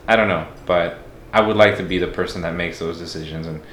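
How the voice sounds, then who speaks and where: A man's voice: low voice, steady tone, a little fast, a bit bright, roomy sound, a little hiss or hum. A man from Mexico talking as a podcast guest, reflective and candid in a casual interview.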